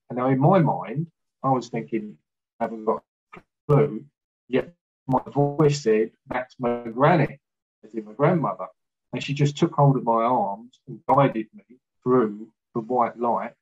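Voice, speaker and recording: Husky man telling a story. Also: mid-range voice, highs cut off. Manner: halting, with many fillers and restarts. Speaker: guest. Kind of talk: casual storytelling in an interview.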